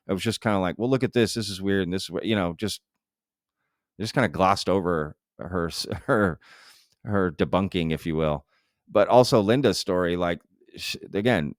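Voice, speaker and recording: Deep-voiced man hosting a live stream. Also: clear, resonant tone, dry recording, studio quality. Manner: loose and conversational, full of fillers. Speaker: show host. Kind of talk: casual live-stream chat. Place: home live-stream setup.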